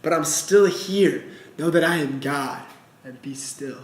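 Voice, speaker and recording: A man voicing God as a calm, gentle, fatherly deity, speaking softly and slowly. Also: on the high side, voice pushed down, lightly acted. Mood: gentle, reassuring. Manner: soft, hushed and slow. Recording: roomy echo.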